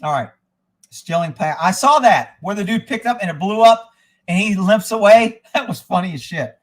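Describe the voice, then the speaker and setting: Profane, rambling man, slightly high voice. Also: lively intonation, moderate pace. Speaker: livestream host. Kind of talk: casual rambling livestream talk. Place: indoors at a rural home.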